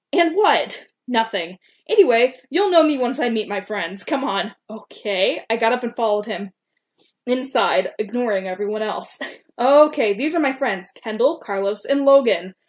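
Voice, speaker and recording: A woman co-hosting a podcast, casually reading her old fan fiction aloud and stopping to comment on her own writing. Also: mid-range voice. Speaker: podcast co-host.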